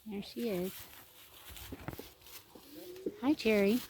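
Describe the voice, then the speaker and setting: Woman w chatting on a farm walk, slow easy talk, baby-voices the animals, bit of outdoor noise. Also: fairly even intonation. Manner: chatty, coos to animals in a higher voice. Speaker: homestead vlogger. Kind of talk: casual walking tour narration.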